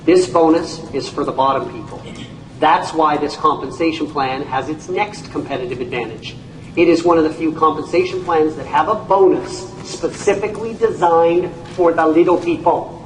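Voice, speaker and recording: A man with a high voice gives a lively sales pitch at a whiteboard, making his points with jokes and stories. He is recorded from some way off in an echoey room, with a faint hum of ambience behind him. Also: moderate pace, recorded from a distance. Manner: lively, jokey, tells stories to make points. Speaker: presenter at a whiteboard. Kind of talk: sales presentation.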